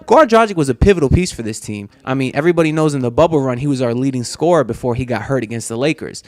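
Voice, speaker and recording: A man giving sports takes in an older clip, rambling and opinionated. His voice is at a middle pitch and recorded dry. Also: lively intonation, very fast, a little mellow, dry recording. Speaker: host in an old clip. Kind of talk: casual sports commentary video.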